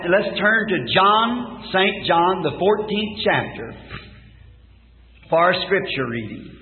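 High-voiced, slightly hoarse old-time preacher. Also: male voice. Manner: fervent, folksy, pleading in prayer. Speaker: evangelist preacher. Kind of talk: sermon and spoken prayer. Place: large meeting hall with a congregation. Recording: tinny old recording in an echoey hall.

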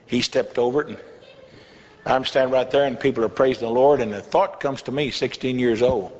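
A man's voice: mid-range voice, steady tone, a little fast, a little mellow. An older man, a pastor, telling a folksy testimony in a sermon with chuckling asides. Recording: echoey hall, slightly dull with faint hiss.

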